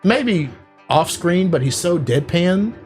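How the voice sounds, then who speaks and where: Man, podcast co-host, casual chat, rambling storyteller, slightly high pitch, faint music underneath. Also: slow. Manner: rambling, animated storytelling with many fillers.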